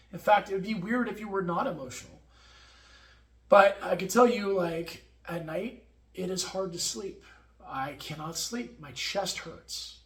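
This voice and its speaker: A man talking earnestly to camera in a personal video diary, halting and emotional, with many restarts. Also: sits high. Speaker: firefighter sharing his health experience. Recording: echoey room.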